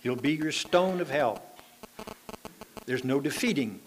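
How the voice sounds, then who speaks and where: A man preaching a sermon, earnest and steady. He lifts his voice to stress a point, then falls soft and low to plead with his listeners. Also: measured pace, a little hiss or hum. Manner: earnest, rising to emphatic appeals then dropping quiet.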